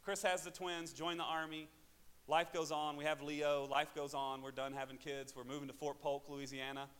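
A man with an Arkansas accent, a pastor telling a personal testimony in a sermon, moving between loud preaching and quiet asides. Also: on the high side, level tone, normal speed, clean tone. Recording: hall reverb.

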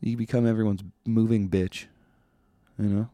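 A man's voice: lowish voice, little pitch movement, normal speed, mellow, dry recording. A man hosting a podcast, delivering a casual comedic monologue in a sardonic, ranting, profane way. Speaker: podcast host.

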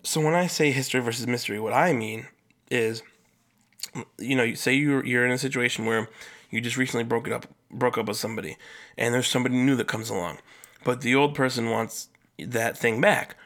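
Man, solo podcast host, casual rambling talk, curses a lot, lots of fillers, middle pitch, jumps high for emphasis. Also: fairly even intonation, fairly quick, fairly bright tone.

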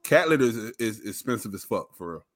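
A man's voice: on the low side, sing-song, fast talker, fairly bright tone. A man co-hosting a podcast in casual chat, laid-back and teasing, happy to play devil's advocate. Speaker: podcast co-host.

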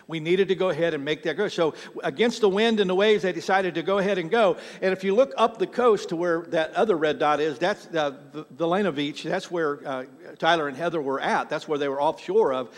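Man preaching, slightly high voice, chatty, long hall echo. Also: fairly quick, few pauses. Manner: conversational, repeats and restarts words. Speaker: pastor. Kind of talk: sermon.

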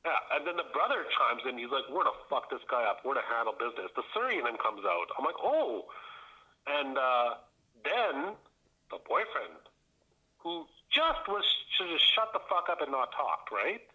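A middle-aged man from Canada telling a story on a podcast, animated and laughing often as he acts out the voices of people in it. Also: mid-range voice, moderate pace, highs cut off. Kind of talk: casual storytelling chat.

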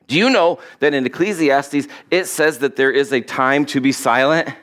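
A man's voice: medium pitch, normal speed, few pauses, a bit bright. A male pastor giving a conversational sermon, acting out the lines he quotes and chuckling as he goes.

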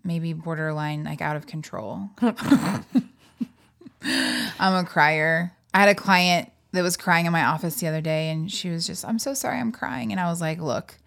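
A woman's voice: deep voice, steady tone, normal speed, a bit bright. A young woman co-hosting a podcast, chatting casually and laughing at herself. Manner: chatty, self-deprecating, laughs often. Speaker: podcast co-host. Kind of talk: casual chat.

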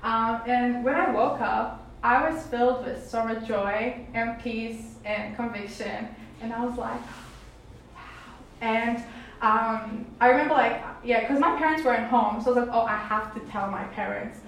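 A woman's voice: a little high, fairly even intonation, a little slow. A young woman sharing a personal faith testimony, rambling, with many fillers and restarts. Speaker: testimony speaker. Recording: echoey room from far off, faint noise.

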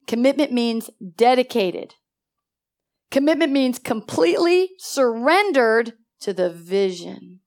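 A middle-aged woman preaches a sermon full of personal stories, swinging between hushed and loud and asking her listeners questions. Her voice is on the high side and animated, and she speaks slowly.

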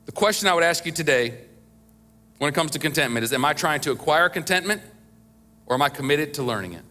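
A middle-aged male pastor preaching in a bright, forceful voice that sits a little high for a man. He talks to the congregation in a chatty, conversational way, then leans hard into emphatic lines. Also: expressive, fast talker. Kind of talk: sermon.

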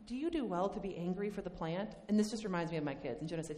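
A woman teaching a Bible study lesson in a conversational, animated way, acting out the lines she quotes. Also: on the low side, racing, hardly any pauses. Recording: long hall reverb.

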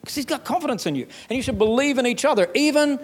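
A man preaching a sermon in an emphatic, folksy way, with a Southern US accent, his voice climbing into loud passages. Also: very high voice, animated, fast. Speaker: pastor.

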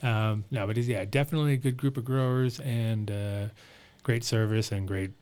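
A man's voice: mid-range voice, moderate pace, a little mellow, clear, resonant tone. A man hosting a podcast in casual, rambling chat, joking and swearing freely. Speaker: podcast host.

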